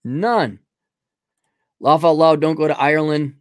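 A man's voice: a little high, fairly even intonation, a little slow, no room sound, clean studio sound. A man hosting a livestream, giving blunt, rambling, sarcastic opinions in casual talk. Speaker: livestream host.

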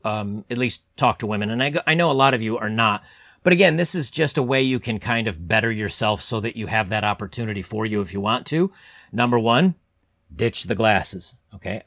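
A young man talking to camera as a channel host, giving rambling advice with lots of ums and repeated words, keeping his voice deliberately pressed low. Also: fairly bright tone, no echo, clean studio sound. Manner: deliberately lowered, pushed-down voice. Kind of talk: casual advice monologue to camera.

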